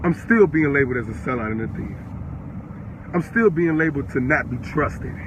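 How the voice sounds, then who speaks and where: A man's voice: mid-range voice, expressive, a little fast, noisy background. An eighteen-year-old man from the Chicago area, ranting on a livestream, furious and profane, repeating himself. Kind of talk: angry livestream rant.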